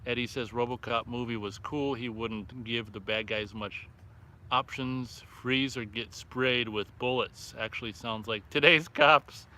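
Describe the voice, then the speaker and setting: A man's voice: mid-range voice, a little slow, pushed and bright. A man hosting a casual live stream outdoors by a fire at night, reading viewer comments aloud and reacting offhandedly. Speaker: livestream host reading chat.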